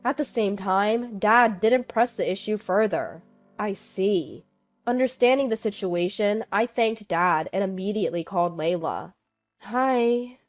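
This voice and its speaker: A woman reading a first-person story in a slow, even narration, with faint background music. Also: medium pitch. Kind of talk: scripted narration.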